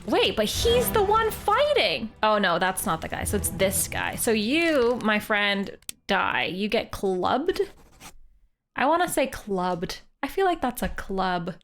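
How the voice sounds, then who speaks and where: A woman's voice: on the high side, a bit bright. A woman from Canada, a live streamer, thinking aloud and chatting as she plays a mystery game.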